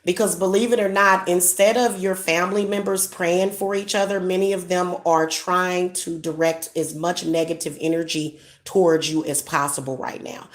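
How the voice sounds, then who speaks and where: This spiritual reader and livestream host speaks low and level at a normal pace with few pauses, her voice echoing in the room. She preaches and scolds with repetitive indignation, tripping into restarts during a casual monologue.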